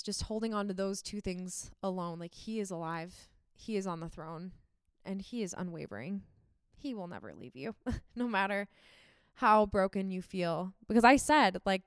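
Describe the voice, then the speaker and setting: Heartfelt young woman with a smooth voice. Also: mid-range voice, no room sound, clean studio sound. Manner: heartfelt, emotional, many fillers like "um" and "like". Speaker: podcast co-host. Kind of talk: faith podcast conversation.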